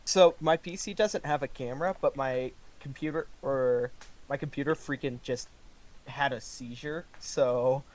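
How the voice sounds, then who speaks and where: A man playing a tabletop game and talking casually with the group in an unhurried way. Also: medium pitch. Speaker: player.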